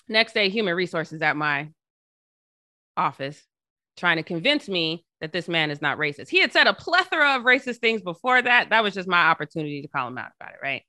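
Bright, lively woman telling her story. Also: sits low, brisk, dry recording. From Colorado. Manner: animated, acts out quoted people in her story. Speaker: journalist guest. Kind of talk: casual storytelling interview.

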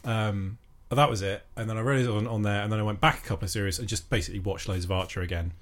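Dry-humored podcast co-host. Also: male voice, on the low side, fairly even intonation, fast talker, fairly bright tone. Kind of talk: casual chat.

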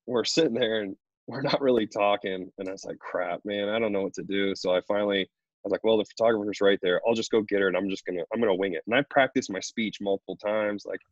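A man, a pro baseball pitcher, chatting casually in an interview and telling stories loosely with lots of fillers. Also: no room sound, muffled recording. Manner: relaxed, rambling storyteller with many fillers.

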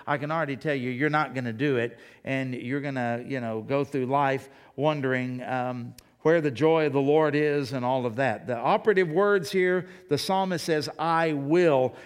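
A middle-aged pastor preaching with emphatic conviction. His voice sits a little high for a man, and it climbs higher when he drives a point home. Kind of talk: sermon.

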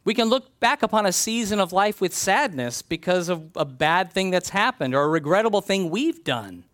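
A man's voice: sits high, animated, moderate pace, a bit bright. A man preaching a sermon in a conversational, earnest way, reading scripture aloud and explaining it. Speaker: pastor.

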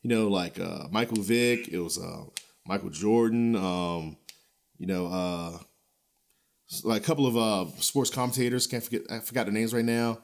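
A man hosting a podcast, ranting in a blunt, profane, animated way with frequent chuckles and a loose, rambling delivery full of restarts. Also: lowish voice, moderate pace, creaky. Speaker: podcast host. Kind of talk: casual ranting podcast commentary.

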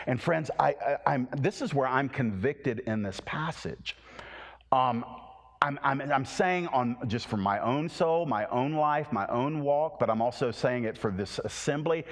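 A man preaching a sermon to a large congregation, impassioned, with repeated phrases and stammered restarts. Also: medium pitch. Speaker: pastor. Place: large church hall. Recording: long reverb of a large hall.

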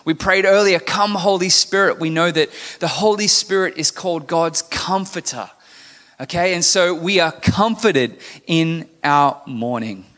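A man's voice: on the high side, fairly bright tone. Man preaching in an echoing hall. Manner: candid and conversational, asks the congregation questions. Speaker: pastor. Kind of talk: sermon.

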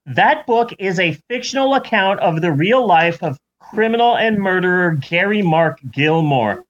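Slow, rambling comic narrator, man, higher voice, dull recording. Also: expressive, a bit bright. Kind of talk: comedic storytelling.

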